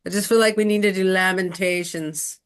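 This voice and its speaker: A woman astrologer hosting a casual podcast chat, talking in an animated, chatty way with many fillers. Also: medium pitch, a little fast. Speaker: astrologer and host.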